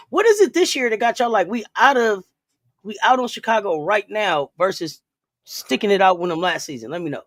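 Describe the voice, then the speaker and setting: A man hosts a loose sports chat in a high, lively voice that swings up and down constantly. He is playful and repetitive and laughs easily. The sound is dry and close to the mic. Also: a little fast, no echo. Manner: playful, repeats himself, laughs often. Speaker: podcast host.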